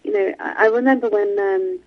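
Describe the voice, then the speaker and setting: Over phone-quality sound, a woman author talks briskly in a mid-range voice during a remote interview from her London home. Her speech is full of restarts and side remarks.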